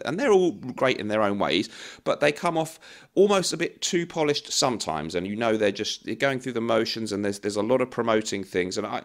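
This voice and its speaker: Man in his 40s, low-pitched, talks casually and rambles with self-deprecating asides in a video review. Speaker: fragrance YouTuber.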